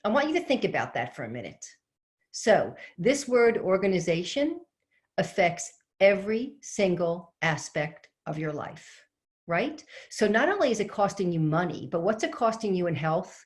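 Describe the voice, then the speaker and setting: A middle-aged woman with a notably low voice, speaking from home over a video call. She is an organizing coach giving a webinar, telling a chatty family story and turning to ask her listeners questions. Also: big pitch swings, normal speed. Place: home with fresh flowers behind her.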